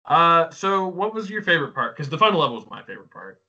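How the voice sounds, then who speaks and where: A man's voice: on the high side, very animated, quick pace, sharp tone, muffled recording. A man co-hosting a casual game review podcast, enthusiastic and stumbling over restarts. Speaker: podcast co-host.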